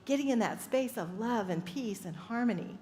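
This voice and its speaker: A woman's voice: on the high side, lively intonation, normal speed, darkish tone. A woman minister giving an upbeat sermon, telling stories and laughing often. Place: church sanctuary. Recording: echoey hall with faint ambience.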